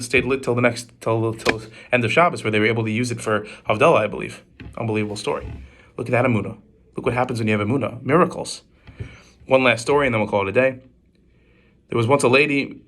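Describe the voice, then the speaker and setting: A man who is a rabbi, telling Torah stories to a class in a quick, animated way with frequent restarts. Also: medium pitch. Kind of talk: storytelling Torah talk.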